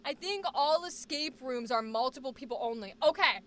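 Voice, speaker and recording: A high-pitched woman speaks at a moderate pace. An actor who streams, she keeps up an animated, meandering, jokey conversation with the people watching her live stream.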